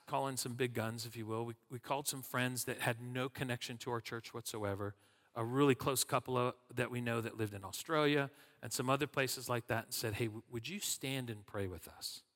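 A man preaching a sermon, telling stories in a lively way and acting out what people said. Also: mid-range voice. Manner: animated storytelling with acted-out quotes. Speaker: pastor. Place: church sanctuary. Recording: long reverb of a church hall.

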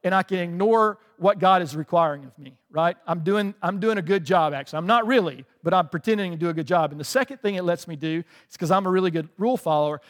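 Male pastor, casual sermon delivery, fairly high voice, long hall reverb. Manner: conversational, often checks in with "right?" and laughs lightly.

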